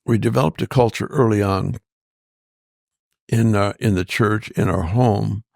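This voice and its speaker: An older man, a guest pastor, talking haltingly in an interview and often repeating his words. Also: fairly low pitch, steady tone, creaky, a little mellow, no room sound, studio quality. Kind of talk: conversational interview.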